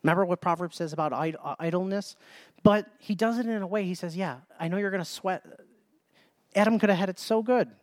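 A man's voice: sits high, fast talker, a little mellow, no echo. Man preaching a bible study, emphatic, keeps repeating himself, dry close sound. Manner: emphatic, repeats phrases, stops and restarts.

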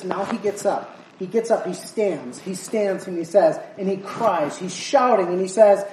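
A woman preaching a sermon and reading scripture aloud, emphatic and repetitive, at times rising almost to a shout. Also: mid-range voice, moderate pace, slight background noise. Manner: emphatic, repeats words, rising to near shouts. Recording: roomy echo, voice from far off.

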